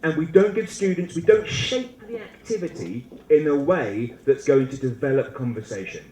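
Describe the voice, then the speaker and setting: A man giving a lively, humorous conference talk to teachers, acting out little classroom scenes as he goes. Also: a little high, normal speed. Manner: animated, humorous, acts out student and teacher voices. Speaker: conference speaker. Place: lecture hall. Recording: echoey lecture hall.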